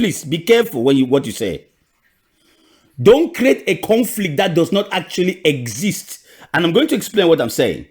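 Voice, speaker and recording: A man with a Cameroonian accent delivers a fiery political monologue. His fairly high voice leaps up and drops low from phrase to phrase, and he hammers his questions home through repeats and restarts. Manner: repeats questions with emphatic restarts and sudden pitch jumps. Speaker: political commentator.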